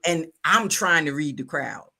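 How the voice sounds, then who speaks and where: A woman's voice: low voice, lively intonation, measured pace, sharp tone. A woman hosting a casual interview, eager and repeating words as she gets going. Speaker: interview host.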